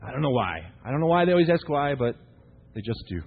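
Speaking fast with big pitch swings and a breathy edge, a medium-pitched man in his thirties preaches as pastor in a church sanctuary. The sermon is conversational and humorous, full of rhetorical questions for the congregation, and the recording is tinny and echoey.

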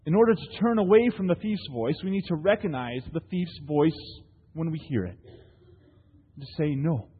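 A male pastor delivers a sermon in a husky, fairly high voice. He poses question after question to the congregation and tags his stories with "right?". The sound is thin and phone-like, with a long reverb tail from the hall. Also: normal speed. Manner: asks the congregation rhetorical questions; animated storyteller with frequent "right?" tags. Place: church hall.

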